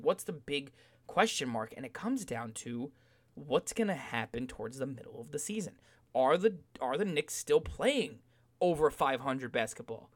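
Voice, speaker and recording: A man chats about sports in a loose, animated way, slipping into mocking sing-song voices. His voice sits a bit high. It is a relaxed podcast conversation. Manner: animated, mocks fans in sing-song asides. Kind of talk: casual sports chat.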